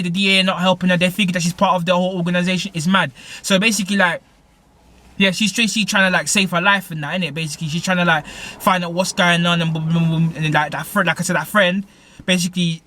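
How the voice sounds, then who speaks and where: Fast-talking man recapping a film. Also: high voice, little pitch movement, sharp tone. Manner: rambling, heavy slang, repeats "basically" and "innit". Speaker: movie reviewer. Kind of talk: casual film plot recap.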